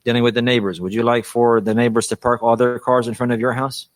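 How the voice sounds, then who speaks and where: A man's voice: medium pitch, little pitch movement, quick pace, dry recording. A man giving a religious lesson on manners, often repeating a phrase to stress it and restarting his sentences. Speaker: Islamic teacher.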